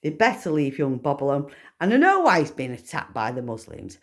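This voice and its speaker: A woman delivers a furious rant straight to camera, swearing hard. Her voice sits low, then leaps upward in sudden shouted bursts with very wide swings in pitch. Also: very animated, moderate pace. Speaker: vlogger.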